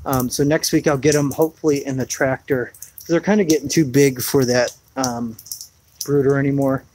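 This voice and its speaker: A man's voice: mid-range voice, steady tone, moderate pace, a little mellow, slight background noise, low-quality recording. A man rambling through a laid-back live chat outdoors in his rainy backyard, full of fillers. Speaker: homesteading vlogger.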